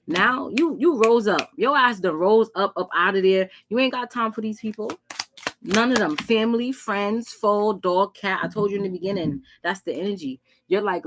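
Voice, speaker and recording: A young adult woman giving a casual tarot reading, talking in a blunt, profane and animated way. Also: medium pitch, moderate pace. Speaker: tarot reader.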